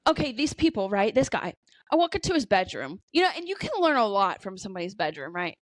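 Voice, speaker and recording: She talks at a quick pace in a mid-range voice with big pitch swings, recorded with no room sound. This podcast co-host in her twenties tells casual stories stuffed with "like" and "you know," swearing every so often.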